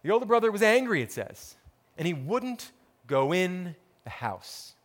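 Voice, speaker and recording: A pastor with a high-pitched voice and big pitch swings preaches a sermon, telling a parable dramatically. He speaks a little slowly and acts out the characters' words.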